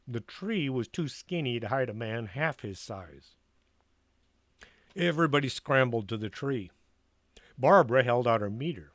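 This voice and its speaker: A man reading a storybook aloud in an expressive, animated way. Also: mid-range voice, a little slow, dry recording, studio quality.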